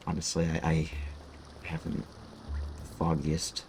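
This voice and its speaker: A man's voice: deep voice, moderate pace, pauses often, faint music behind. A man giving rambling, casual gameplay commentary, cursing freely as he plays. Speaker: streamer.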